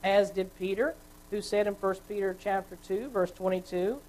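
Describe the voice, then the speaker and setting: A woman preacher giving a sermon, explaining at a measured pace and correcting herself as she goes. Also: mid-range voice, a little mellow, poor audio.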